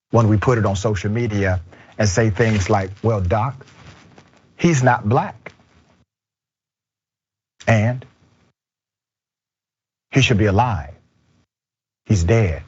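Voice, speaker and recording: A man's voice: fairly low pitch, breathy edge, highs cut off. A man hosting a political talk show, delivering emphatic commentary. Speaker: host.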